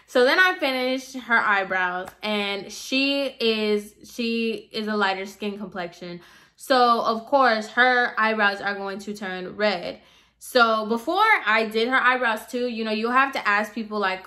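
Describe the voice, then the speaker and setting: A woman's voice: on the high side, unhurried, pushed and bright. A young woman telling a chatty, exasperated story about a difficult salon client, full of "like" and "girl". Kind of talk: casual storytime vlog.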